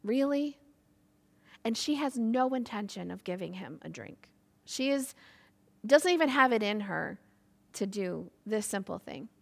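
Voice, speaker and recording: A woman preaching a sermon in an animated way, acting out the people in the story. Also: medium pitch, unhurried, creaky, long pauses. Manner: animated, with laughs and acted quotes. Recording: echoey hall with long reverb.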